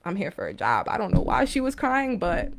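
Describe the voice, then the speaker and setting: A woman's voice: fairly high pitch, huge pitch swings, fairly quick, creaky, background noise. A young woman hosting a spiritual live stream, telling a personal story to viewers in a rambling, emphatic way with many fillers and restarts. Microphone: phone or webcam, live stream.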